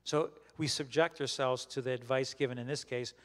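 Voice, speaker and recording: A man leading a Bible study as a pastor, teaching in a conversational, halting way with many restarts and questions put to the group. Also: medium pitch, fairly even intonation, fairly bright tone, big-room sound. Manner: questions the group and repeats their answers.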